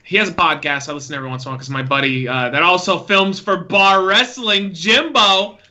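A man co-hosting a casual podcast, telling stories in an animated way with some swearing. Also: sits high, brisk. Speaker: podcast co-host. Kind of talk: casual chat.

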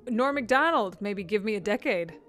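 A woman's voice: mid-range voice, expressive, moderate pace, fairly bright tone, faint music behind. A woman hosting a podcast, running a quiz game in a bubbly, self-deprecating way. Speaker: podcast host.

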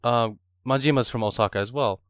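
A man in casual chat about a video game, animated and excitable, telling stories and laughing often. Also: medium pitch, a little fast, clean tone, dry recording, clean studio sound. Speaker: co-host discussing a video game.

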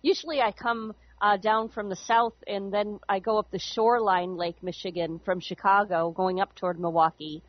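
A woman with a mid-pitched voice chats eagerly on a morning radio show. Her voice is recorded close and dry, with a dull, lo-fi tone. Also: fairly even intonation, normal speed, few pauses, dry recording. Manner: chatty, enthusiastic talker. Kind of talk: casual radio chat. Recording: dull lo-fi dry studio sound.

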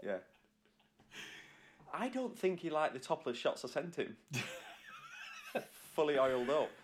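Lively joking British man. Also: on the high side, slow, slight background noise. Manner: jokey, animated, laughing storyteller. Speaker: podcast co-host. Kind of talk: casual chat.

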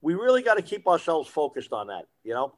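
Slightly high-voiced firefighter co-host. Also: male voice, wildly swooping pitch, a little fast. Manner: explanatory, repeats phrases for emphasis. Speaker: podcast co-host, veteran firefighter. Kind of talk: casual shop talk.

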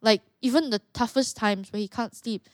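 Lively young woman, dry sound. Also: on the high side, no echo. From Malaysia. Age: young adult. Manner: animated storytelling, quick asides. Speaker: guest, mixed martial artist. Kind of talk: casual interview.

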